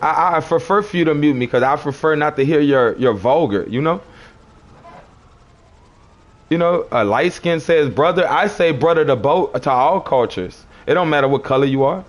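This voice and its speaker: A man's voice: a little high, normal speed. A man on a livestream, arguing with chat commenters in a preachy, confrontational way and repeating his phrases.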